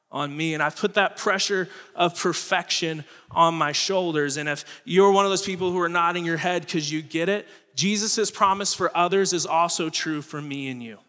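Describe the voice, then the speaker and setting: A man preaching a sermon as pastor, earnest, letting his voice fall low and soft at the ends of phrases. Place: church auditorium stage. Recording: reverberant hall with faint music.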